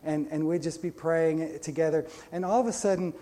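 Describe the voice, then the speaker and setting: Pentecostal pastor, male, high-pitched voice, energetic sermon delivery with restarts. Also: fairly quick.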